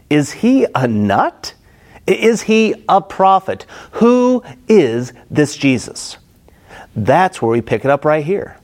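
A man's voice: mid-range voice, a little mellow. A middle-aged man preaching a Bible-study sermon, acting out the quoted characters expressively.

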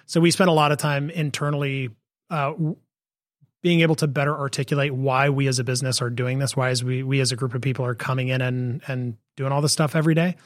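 A man of middle pitch talks through his business in a measured, explanatory way, pausing on fillers as he gathers his thoughts. The sound is dry and close, with no room around it. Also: steady tone, no echo. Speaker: company co-founder and CEO, guest. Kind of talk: conversational podcast interview.

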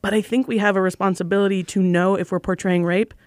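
A woman's voice: mid-range voice, fairly even intonation, fast talker, no echo, studio quality. A woman co-hosting a casual podcast chat, speaking in an earnest, articulate and explanatory way. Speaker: podcast co-host.

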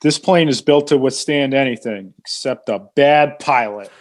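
A man reading as a cocky gruff airline mechanic. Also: mid-range voice, normal speed, natural voice. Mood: taunting. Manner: taunting, boastful script reading. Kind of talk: reading a film scene aloud.

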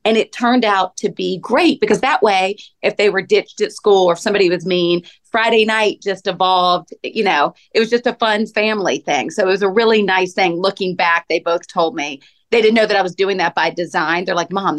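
A woman in her forties, a podcast guest in casual chat, telling lively stories and acting out what she said back then. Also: medium pitch, a little fast. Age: 40s. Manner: animated storyteller, acts out her own past lines.

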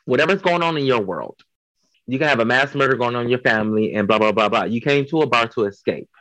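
A man's voice: mid-range voice, lively intonation, fast talker, fairly bright tone, dry recording, low-quality recording. A man from Chicago, a drag performer chatting as an interview guest, blunt, profane and joking. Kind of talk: casual interview chat.

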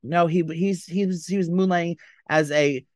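A man's voice: a little high, steady tone, moderate pace, darkish tone, no echo, clean studio sound. A man co-hosting a podcast in casual chat, chatty and dramatic, gossiping. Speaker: podcast co-host.

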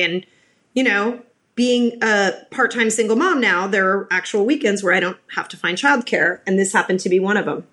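A woman's voice: mid-range voice, normal speed, a bit bright. A middle-aged woman guesting on a podcast, talking in a loose, chatty way. She tells stories with plenty of restarts and asides. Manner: chatty storyteller with many restarts. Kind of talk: casual interview chat.

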